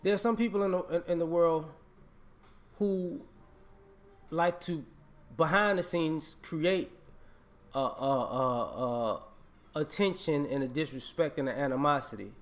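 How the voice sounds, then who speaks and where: Guy ranting on his vlog, scolding, repeats himself a lot, voice a bit high. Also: a little slow, long pauses. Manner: emphatic, repetitive, scolding with laughs. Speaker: vlogger. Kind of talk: casual opinion rant to camera.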